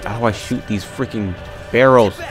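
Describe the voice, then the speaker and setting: Gamer guy, low-pitched, slangy and fed up, talking through his own gameplay with soft music under him. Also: moderate pace. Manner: exasperated, ranting, muttering to himself; casual slangy talk. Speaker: gaming channel host. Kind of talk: let's play commentary.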